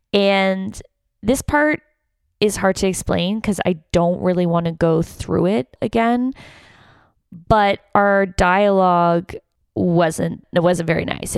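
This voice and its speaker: Frank young woman, smooth lowish voice. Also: no echo, studio quality. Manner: emotional, frank, swears freely. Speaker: podcast host. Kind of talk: candid personal storytelling.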